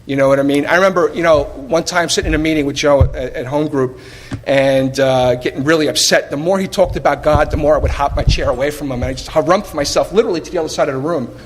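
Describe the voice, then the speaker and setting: Taped at a live recovery meeting, a man with a fairly high voice speaks fast as he shares his recovery story, lively and wry. He tosses out rhetorical questions and plays both sides of old conversations. The tape has the long reverb of a large meeting hall and slight background noise.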